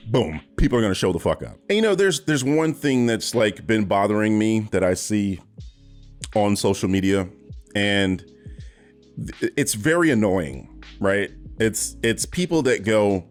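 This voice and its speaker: Low-voiced animated man chatting about movies. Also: moderate pace, soft background music. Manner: animated, profane, chatty with many fillers. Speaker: YouTube movie commentator. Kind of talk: casual spoiler commentary.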